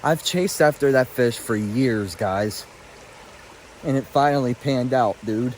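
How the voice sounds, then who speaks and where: A breathless, emotional man records himself on his phone while standing in a stream. His voice is pitched in a middling range and keeps tumbling over itself. Faint water noise runs quietly behind him. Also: measured pace. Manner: excitable, breathless and overwhelmed. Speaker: fly fishing vlogger. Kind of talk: emotional outdoor vlog. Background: flowing stream.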